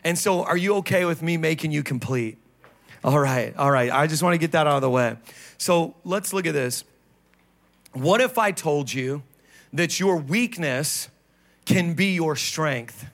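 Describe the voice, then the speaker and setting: A male pastor preaching a sermon on stage, animated and playful, with sudden drops into low, quiet emphasis. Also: measured pace. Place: church stage.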